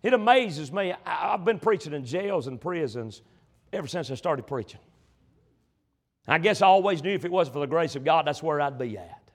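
A male preacher delivering a sermon, emphatic and swinging between loud passages and hushed ones. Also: a little high, expressive, normal speed.

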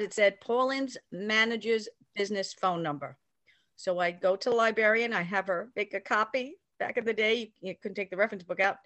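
An older woman from the New York area telling a personal story in a casual, animated way, acting out the voices of the people she quotes. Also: medium pitch, no room sound. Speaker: storyteller recounting a personal memory. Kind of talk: casual anecdote.

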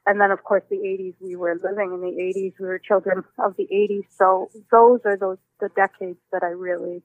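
A woman in her forties, a musician, answering interview questions in a reflective, animated way with many restarts. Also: medium pitch, fairly quick, dry recording. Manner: warm, reflective, with frequent restarts and exclamations. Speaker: musician guest. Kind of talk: relaxed personal interview answers. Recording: dry, tinny phone-like line.

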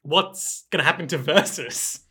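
A man's voice: a little high, normal speed, bright, forceful tone, slightly rough. A man co-hosting a podcast in casual chat, dry and wry, steering the talk with questions. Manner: dry, asks leading questions. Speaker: podcast co-host.

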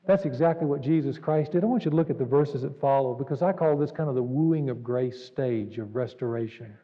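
A man pastor delivering an earnest, dramatic sermon, jumping between raised exclamations and hushed asides. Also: mid-range voice, fairly quick. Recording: dull recording in a reverberant hall.

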